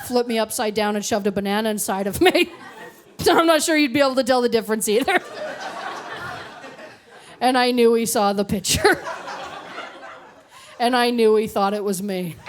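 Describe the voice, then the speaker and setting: Young woman from Alberta, stand-up comic, deadpan storyteller, slightly high voice, faint hiss. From Alberta, Canada. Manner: deadpan storytelling with acted-out quotes. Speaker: stand-up comedian. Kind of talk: stand-up set. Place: comedy club stage before a laughing audience.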